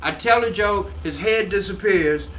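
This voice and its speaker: An older male comedian telling an animated story in an interview at home, acting out the voices, recorded off-mic in an echoey room. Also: sits high, unhurried, recorded from a distance, a crowd in the background. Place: his home.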